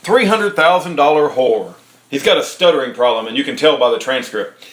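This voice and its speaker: A man reading a court transcript aloud and giving indignant, sarcastic commentary, dropping into a low mocking tone for the lines he reads and bursting into shouts. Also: expressive, a little fast.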